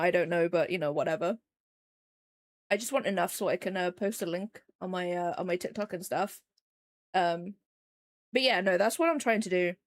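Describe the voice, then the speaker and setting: A woman's voice: lowish voice, dry recording. A woman streamer chatting casually with her viewers while she paints, rambling along with lots of fillers. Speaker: streamer and digital artist.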